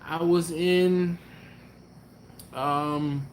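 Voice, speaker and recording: A man hosting a barbecue channel's live stream, chatting casually and answering viewer comments in a relaxed, rambling way. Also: on the high side, drawn-out words, a little hiss or hum. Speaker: BBQ channel host.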